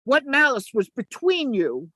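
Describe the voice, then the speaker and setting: A woman reading the part of a scheming male ensign in an amateur play reading, moving between urgent shouts and low asides. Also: sing-song, a little slow, no echo, heavily acted.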